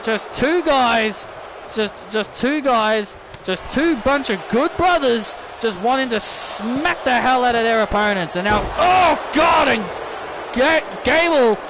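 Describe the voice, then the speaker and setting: A man doing excitable play-by-play wrestling commentary over a video game, repeating himself and bursting into shouts. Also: very high voice, slow pace, a crowd in the background, background noise.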